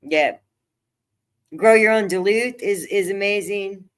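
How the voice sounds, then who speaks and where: A woman's voice: medium pitch, slow. An older woman chatting casually to viewers on her own livestream, talkative and easily moved, laughing often. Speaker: livestream host. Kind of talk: casual live-stream chat.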